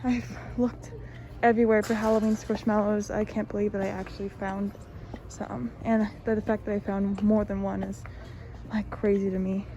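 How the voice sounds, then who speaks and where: A woman in her early twenties filming a casual shopping vlog inside retail stores, talking excitedly and gushing over what she finds. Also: medium pitch, moderate pace. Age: early 20s. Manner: excitable, gushing, exclaims often. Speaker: vlogger. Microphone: handheld phone camera.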